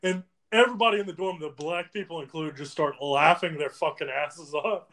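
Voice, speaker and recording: A man's voice: fairly high pitch, fairly quick, fairly bright tone. A young man hosting a podcast, telling rambling anecdotes with lots of fillers and laughing through them. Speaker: podcast host. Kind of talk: casual podcast storytelling.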